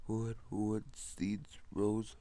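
A man's voice: lowish voice, flat delivery, extremely slow, dark tone, slight background noise. A man commentating his game casually, mumbling to himself, his voice off because he is sick. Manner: mumbling to himself, goofy asides. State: sick, voice a bit off. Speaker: gamer.

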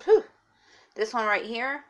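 A woman's voice: on the high side, lively intonation, slow pace, noisy background. Chatty woman giving a makeup tutorial. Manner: chatty, instructive, addresses viewers as guys. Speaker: makeup vlogger.

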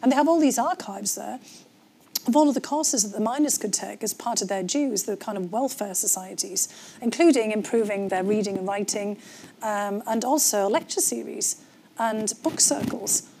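A woman's voice: medium pitch, normal speed, mellow, a little hiss or hum. A woman with a North East English accent, a guest in an interview, telling her story candidly with frequent fillers. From North East England. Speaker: guest, former government official. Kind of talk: conversational interview.

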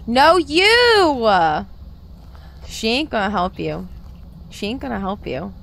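A woman's voice: medium pitch, lively intonation, moderate pace, gravelly, a little hiss or hum. A woman streaming a game, chatting casually and talking to her viewers by name. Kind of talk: casual live-stream chat while gaming.

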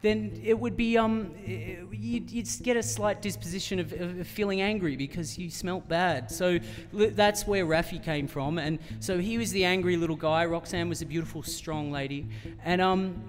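Between songs on stage, an Australian singer-songwriter spins a long, funny, self-deprecating yarn for the crowd, full of fillers and restarts. He speaks in a high-sitting voice at normal speed with few pauses. The live hall recording has reverb and faint music behind.

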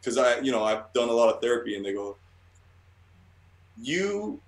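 A man rambles through an interview in a casual, profane way, starting sentences again and again before landing them. His voice sits at an ordinary middle pitch. The room around him is roomy and echoing. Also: steady tone, very fast. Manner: rambling, profane, with many restarts. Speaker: guest artist. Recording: roomy echo.

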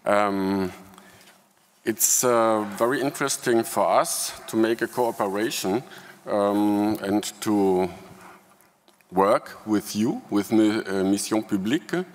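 A lowish-voiced German man, a native German speaker, presents on a panel in a large conference hall, pausing often with ums and phrasing things carefully. His voice carries a long hall reverb. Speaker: city official panelist.

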